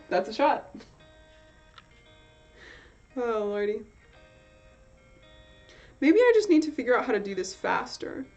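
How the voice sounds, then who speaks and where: A woman chatting on a live art stream as she draws, rambling and poking fun at herself, sometimes sliding into joke accents and swearing freely. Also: medium pitch. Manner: rambling and self-mocking, with frequent swearing; tries out playful put-on accents. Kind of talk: casual live-stream chat while drawing. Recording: slightly dull stream audio with soft music behind. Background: quiet chill-hop music.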